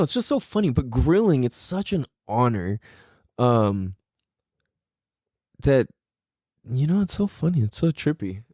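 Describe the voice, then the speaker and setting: Animated, laughing podcast host man. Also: on the high side, no echo, clean studio sound. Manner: laughs often, swears, acts out relatives' voices. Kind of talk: casual comedic monologue.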